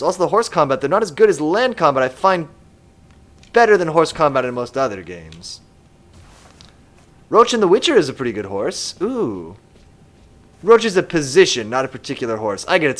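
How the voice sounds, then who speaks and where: A man's voice: medium pitch, very animated, fairly quick, a bit bright. A man casually musing aloud while streaming a game live and reading chat comments.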